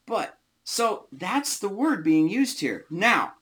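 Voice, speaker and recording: A man teaching an informal Bible study, explaining words slowly and stressing single words. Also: sits high, very animated, fairly bright tone. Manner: slow, emphatic, often stressing single words.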